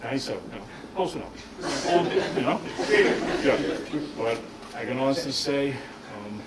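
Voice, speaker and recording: A man's voice: mid-range voice, expressive, a little slow, distant mic, very noisy. A retiring police officer in his fifties gives a rambling, heartfelt retirement speech to a room full of colleagues and family, often restarting his sentences. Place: room at a gathering.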